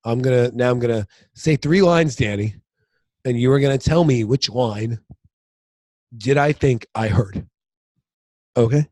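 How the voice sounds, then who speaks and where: A man's voice: medium pitch, a little slow, pauses often, warm tone, no echo. A middle-aged man co-hosting a podcast, rambling through family stories and acting out what people said. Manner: rambling storyteller, acts out family quotes. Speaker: podcast co-host. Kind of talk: casual chat.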